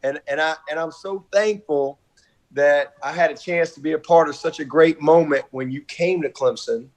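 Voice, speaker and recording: A man's voice: fairly high pitch, moderate pace. Middle-aged man, college coach type, folksy and effusive, video-call audio. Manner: warm, effusive, repetitive, folksy. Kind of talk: heartfelt video-call tribute.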